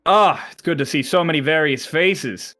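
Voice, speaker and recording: A man's voice: on the high side, normal speed, sharp tone, faint music behind. A man voicing a cheerful, courteous young male envoy who greets people eagerly.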